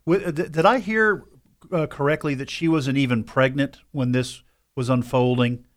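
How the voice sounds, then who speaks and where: A man co-hosting a radio talk show in a studio, hesitant and halting as he asks a guest questions. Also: medium pitch, steady tone. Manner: hesitant, halting, many restarts when asking. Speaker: radio co-host.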